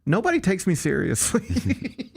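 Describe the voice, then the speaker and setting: A man's voice: high-pitched, a little slow, gravelly, slightly rough. A middle-aged man hosting a sports show, telling self-deprecating stories in casual chat. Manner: animated, self-deprecating storytelling.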